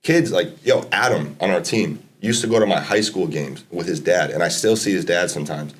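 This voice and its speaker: A man's voice: low-pitched, a little fast. A young man, a college basketball player chatting casually on a podcast, laid-back, swearing freely and laughing often. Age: 20s.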